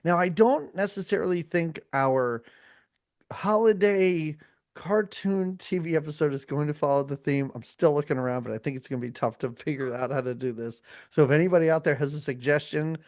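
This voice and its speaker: A chatty podcast host talks casually and rambles, often circling back with "like" and quick restarts. The voice sits at a middling pitch. It is recorded close and dry, with no room sound. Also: a little mellow, no echo. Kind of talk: casual chat.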